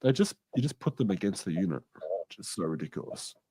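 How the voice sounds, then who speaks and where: A man's voice: low-pitched, brisk, husky, no echo. A man co-hosting a podcast, telling a tabletop game story and acting out the quoted lines. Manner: animated, acts out quoted dialogue. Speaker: podcast co-host. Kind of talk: casual chat, storytelling.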